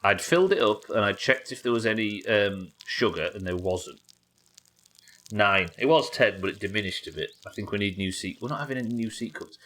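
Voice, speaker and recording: A man's voice: on the low side, brisk, fairly bright tone. A man chatting casually and joking while he plays a game on a live stream. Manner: chatty, joking, swears freely. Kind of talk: casual gameplay commentary.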